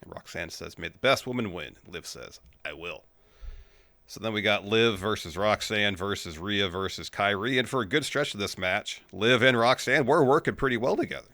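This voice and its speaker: Deep bright-toned man recapping. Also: normal speed, dry recording. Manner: steady play-by-play retelling. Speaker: podcast co-host. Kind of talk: casual wrestling recap.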